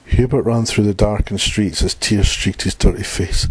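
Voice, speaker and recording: A man reading a dark short story aloud in a plain, steady way. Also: lowish voice, moderate pace, slight background noise. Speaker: narrator.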